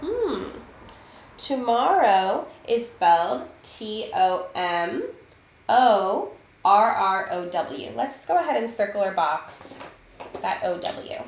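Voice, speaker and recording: A woman teaching a spelling lesson to children, patient and deliberate, sounding out letters and counting aloud. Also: medium pitch, very animated. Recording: echoey room, faint ambient noise.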